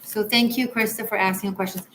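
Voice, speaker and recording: A woman's voice: medium pitch, steady tone, fairly quick, a little hiss or hum. Chatty, apologetic woman tarot reader. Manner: chatty and apologetic, addresses viewers warmly. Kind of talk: live-stream tarot reading with chat.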